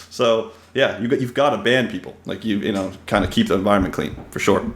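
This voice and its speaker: A male podcast host rattles along at a quick clip, blunt and animated, cursing casually between fillers. He sits in his home office, and the room gives his voice a noticeable echo. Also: on the low side. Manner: animated, blunt, swears freely, many fillers. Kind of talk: casual interview chat.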